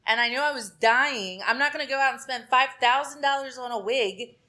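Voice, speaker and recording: A woman's voice: high-pitched, fairly quick, bright, forceful tone. A woman hairstylist chatting as a podcast guest, telling a story and acting out what people said, with lots of "like". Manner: chatty, acts out quoted dialogue, frequent "like".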